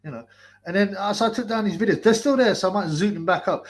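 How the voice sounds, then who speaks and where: This livestream host, a man with a high voice and quick pace, wears a mask in a hot basement. He delivers profane, crude rants, mocking people and laughing in between.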